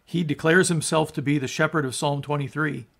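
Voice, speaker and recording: A man's voice: on the high side, steady tone, a little fast, vocal fry. A man preaching a sermon as a pastor, emphatic and conversational, asking his listeners rhetorical questions. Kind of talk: sermon on scripture.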